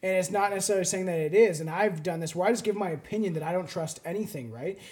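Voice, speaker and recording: High-voiced Canadian man chatting freely. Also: quick pace. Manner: rambling, animated, swears casually. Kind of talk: casual podcast chat.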